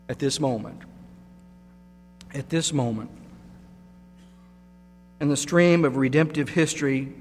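A man's voice: mid-range voice, slow pace, long pauses. A man preaching a sermon, emphatic and repeating key words for stress. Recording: long hall reverb with mains hum.

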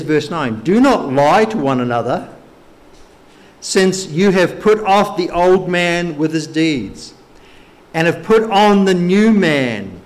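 Guy preaching a sermon, slow and emphatic, kinda higher voice. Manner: slow, emphatic Bible teaching with occasional light laughs.

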